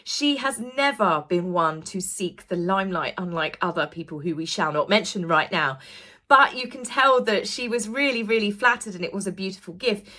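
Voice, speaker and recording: A woman's voice: medium pitch, animated, moderate pace, sharp tone. A woman hosting a royal news channel in a chatty, gossipy manner, with tongue-in-cheek asides. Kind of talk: casual commentary vlog.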